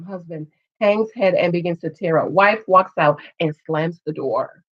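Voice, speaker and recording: A woman's voice: on the low side, measured pace. A woman hosting a casual story-time video, reading from a book and chatting with viewers in asides. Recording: dull lo-fi recording.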